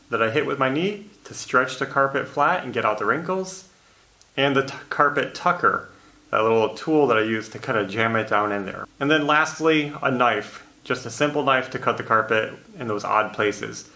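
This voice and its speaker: Man vlogging in an echoey empty room. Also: mid-range voice. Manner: relaxed, matter-of-fact explaining. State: morning voice. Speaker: DIY vlogger installing carpet. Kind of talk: casual home-project vlog. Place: empty room in a house, indoors.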